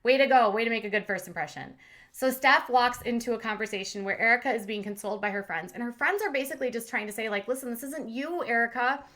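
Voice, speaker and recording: A woman's voice: on the high side, fast talker, a bit bright. A woman hosting a commentary channel, recapping reality TV in a chatty, sarcastic way with lots of fillers.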